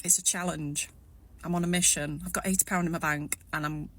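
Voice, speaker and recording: Rambling, reflective Englishwoman, lowish voice. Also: steady tone, brisk, slight background noise. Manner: rambling, reflective, steadying herself. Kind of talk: personal vlog monologue.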